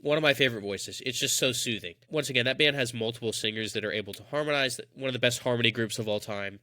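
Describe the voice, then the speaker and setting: Bright, dry-voiced enthusiastic man. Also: mid-range voice, no echo. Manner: enthusiastic, rambling, emphatic. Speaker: podcast co-host. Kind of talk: casual chat.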